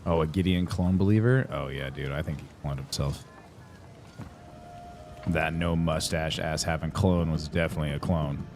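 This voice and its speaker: A man's voice: a bass voice, normal speed, darkish tone, slight background noise. A young man streaming a game live, rambling and joking about what's on screen with sing-song asides. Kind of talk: live gameplay commentary.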